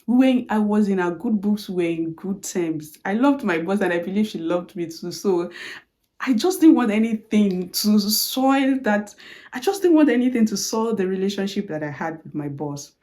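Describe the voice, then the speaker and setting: Mellow-voiced woman telling a motivational story. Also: mid-range voice, moderate pace. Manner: animated storytelling, acts out quoted dialogue. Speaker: motivational speaker.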